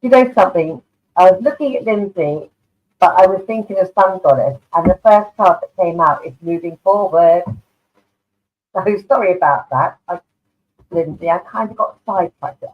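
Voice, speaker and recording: A woman's voice: on the low side, normal speed. A woman reads tarot cards for viewers during a live online session. She is chatty and affectionate and calls people darling. Her voice comes through narrow and tinny, like a phone line. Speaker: tarot card reader. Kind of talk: live online card reading. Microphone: online video stream.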